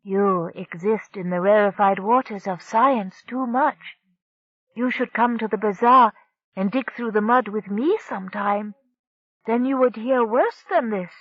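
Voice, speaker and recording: The narrator voicing a calm, worldly alien daughter who soothes her father in an audiobook. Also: mid-range voice, unhurried, no echo, muffled recording, voice pushed up, natural voice. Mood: coaxing. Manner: soothing, reasoning. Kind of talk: audiobook character voice.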